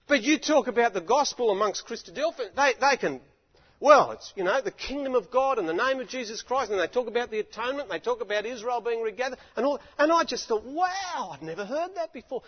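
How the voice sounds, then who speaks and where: A man delivering an impassioned sermon from a stage microphone, with repeated rhetorical appeals to his listeners. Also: very high voice. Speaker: preacher. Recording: dull lo-fi recording with long hall reverb.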